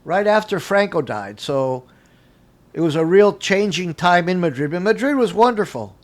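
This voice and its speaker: An older man, a guest on an interview show, telling animated anecdotes from his career and acting out the dialogue with frequent chuckles. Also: high-pitched, moderate pace. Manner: acts out dialogue in quotes. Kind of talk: casual storytelling interview.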